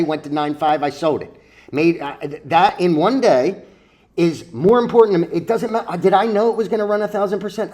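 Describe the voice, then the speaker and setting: A man's voice: fairly high pitch, darkish tone. A man lecturing his viewers about trading in a blunt, profane, preachy way, full of rhetorical questions. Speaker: stock trading vlogger.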